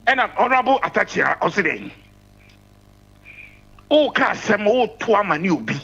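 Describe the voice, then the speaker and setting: A man's voice: sits high, sing-song, normal speed, gravelly, pushed and bright, slightly rough, muffled recording. A man calling in to a radio show, talking politics emphatically and repeating his points. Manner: emphatic, repeats key phrases. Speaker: caller. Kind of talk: political call-in commentary.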